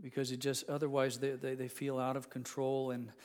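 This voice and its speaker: A man in his sixties preaching a sermon, rising to loud emphatic declarations and dropping to hushed, intimate storytelling. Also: mid-range voice, completely flat delivery, a little fast, big-room sound. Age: 60s. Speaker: pastor.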